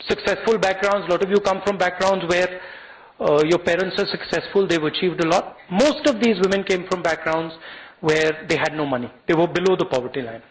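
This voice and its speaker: A man with an Indian English accent gives a speech to college students, telling a personal story in an earnest, halting way, with restarts and quoted dialogue. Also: high-pitched, poor audio. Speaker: guest speaker addressing college students.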